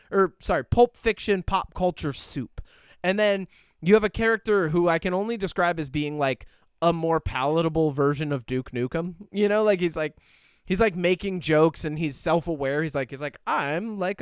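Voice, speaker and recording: A man co-hosting a podcast, talking in a casual, rambling way and acting out little quoted lines as he goes. His voice sits a little high and sounds smooth and clear. The recording is dry and close, with no room echo. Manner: animated, rambling with many "like" fillers and quoted asides. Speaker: podcast co-host. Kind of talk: casual chat.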